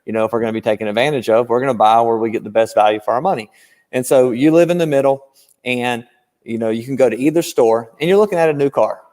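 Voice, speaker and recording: A man chats as a guest on a podcast, walking through dealership tactics and telling stories with concrete examples. His pitch sits mid-range. The recording carries a long reverb tail. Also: quick pace. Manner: animated storyteller, explains with examples. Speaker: guest car-dealership trainer. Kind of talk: casual podcast chat.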